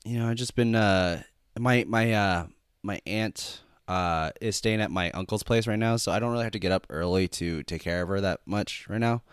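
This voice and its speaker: A man co-hosting a podcast, chatting casually in a halting, rambling way with many restarts. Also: fairly low pitch, smooth, no echo, clean studio sound. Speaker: podcast co-host. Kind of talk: casual chat.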